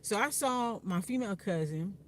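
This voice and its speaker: A woman's voice: medium pitch, lively intonation, normal speed, a little hiss or hum. A woman vlogging in a frank, profane way, with lots of fillers. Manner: candid, frank and profane, with frequent fillers and laughs. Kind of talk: casual personal vlog talk.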